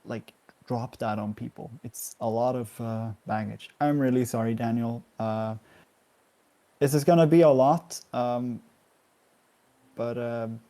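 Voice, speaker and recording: Mellow-voiced man player, hesitant. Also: mid-range voice, fairly even intonation, unhurried. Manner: hesitant, filler-heavy. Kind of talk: tabletop role-play in character.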